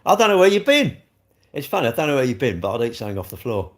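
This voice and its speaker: A man's voice: medium pitch, very animated, racing. A man, hosting a live stream and rambling jokily as he answers viewers' comments. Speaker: livestream host reading chat. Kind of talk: casual live chat.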